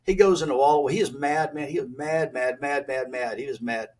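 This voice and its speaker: An older man, a retired race driver, telling animated stories as a podcast guest and acting out old exchanges in a blunt, folksy way. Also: medium pitch, brisk. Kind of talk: animated storytelling.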